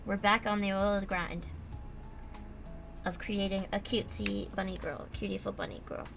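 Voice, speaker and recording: A young American streamer with a gravelly, medium-pitched voice speaks at a moderate pace with little pitch movement. She rambles casually while building a model kit, reads chat aloud with many fillers, and faint music plays in the background.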